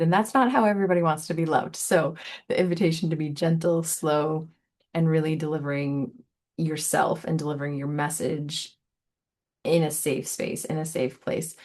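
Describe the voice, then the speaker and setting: A woman giving a casual, meandering tarot reading, soft and giggly, repeating words playfully. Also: deep voice. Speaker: tarot reader.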